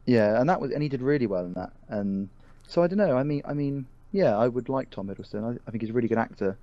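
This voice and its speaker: A man's voice: medium pitch, expressive, fast talker, warm tone, dry recording. A man co-hosting a casual podcast chat, rambling and hesitant with many fillers. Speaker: podcast co-host. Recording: dry, dull lo-fi sound.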